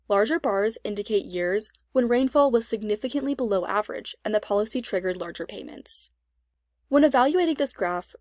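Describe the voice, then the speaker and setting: A woman reading a scripted step-by-step software tutorial as an extension instructor, in an even, measured way. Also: medium pitch, no room sound, studio quality.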